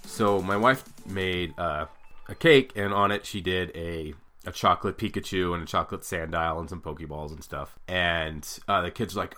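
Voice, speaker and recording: A man in his thirties, a podcast host telling funny family stories in casual chat, animated and mock-serious. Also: low-pitched, normal speed, faint music behind.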